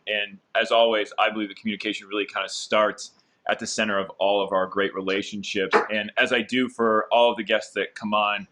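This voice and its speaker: A man's voice: on the low side, a bit bright. A man hosting an interview over a video call, upbeat and encouraging, with frequent fillers. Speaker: interviewer and host.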